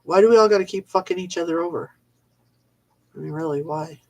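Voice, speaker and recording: A woman's voice: fairly low pitch, brisk, a little mellow, rough recording. A woman vlogging a rambling, exasperated rant, swearing and trailing off with fillers. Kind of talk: ranting casual monologue.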